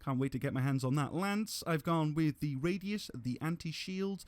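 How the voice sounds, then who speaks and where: A man's voice: on the high side, moderate pace, a little mellow. A man giving casual gameplay commentary on a live stream, rambling with restarts and casual swearing.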